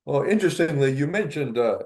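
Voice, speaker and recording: A man's voice: a little high, lively intonation, brisk, a little mellow. A man hosting a casual interview, asking easygoing questions with small hesitations. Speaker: podcast host.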